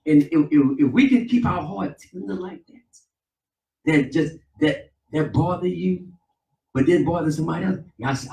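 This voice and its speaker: A man, a pastor preaching a sermon with call and response. He swings between loud, emphatic lines and softer ones. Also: a little high, moderate pace, vocal fry. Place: church sanctuary. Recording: echoey church, mic at a distance.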